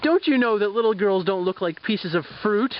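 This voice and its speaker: A man's voice: sits high, lively intonation, normal speed, slight background noise, voice pushed up. Sammy, an indignant beluga whale voiced by a man. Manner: plain storytelling voice, indignant complaints. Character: beluga whale, fussy and easily upset. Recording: dull lo-fi home recording.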